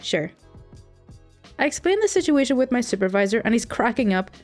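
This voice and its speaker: A woman with a fairly high voice hosts a storytime video, reading a call center tale aloud. Her delivery is wry and amused. Faint music plays behind her. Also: very animated, fast, a little mellow. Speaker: storytime channel host.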